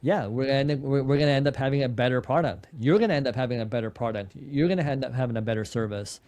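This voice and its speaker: A man's voice: medium pitch, darkish tone. A man, a podcast guest and entrepreneur, telling a story in a casual interview, often restarting words and quoting his own dialogue. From Canada. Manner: repeats and restarts words, tells anecdotes with quoted dialogue.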